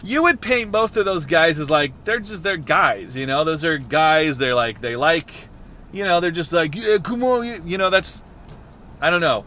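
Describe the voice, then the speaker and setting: A man's voice: a little high, moderate pace, pushed and bright, slight background noise. A man in his thirties vlogging casually to a handheld camera from his car, rambling and joking. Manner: rambling, playful, jokey.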